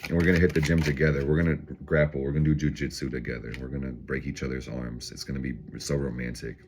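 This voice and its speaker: A man's voice: very deep voice, flat delivery, quick pace, background noise. A man casually reading tarot cards on his vlog, swearing freely and laughing often. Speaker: tarot reader vlogger.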